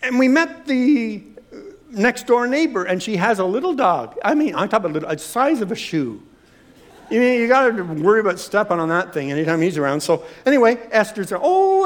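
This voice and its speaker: High-voiced, emphatic male preacher. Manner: emphatic, animated, repeats phrases. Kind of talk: sermon with humorous storytelling.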